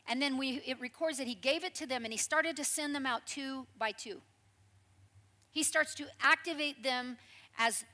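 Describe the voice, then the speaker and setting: A woman with a high-sitting voice preaches a sermon, telling stories in a lively, conversational way and frequently turning aside to the congregation.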